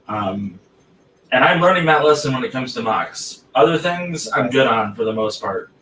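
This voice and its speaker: A man's voice: mid-range voice, animated, moderate pace, a bit bright, a little hiss or hum. A man hosting a casual chat, blunt and prone to swearing as he circles through his points. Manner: blunt, swears freely, self-interrupting. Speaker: podcast host. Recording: roomy, distant mic with faint ambience.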